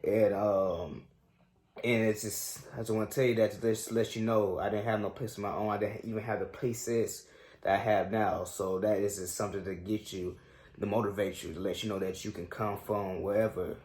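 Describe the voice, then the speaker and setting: A young man in his twenties with a somewhat low voice tells a personal story on his sports show. He talks casually and reflectively in loose slang, with plenty of fillers. The recording has a noticeable echo from the room. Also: fairly even intonation, moderate pace, a little mellow.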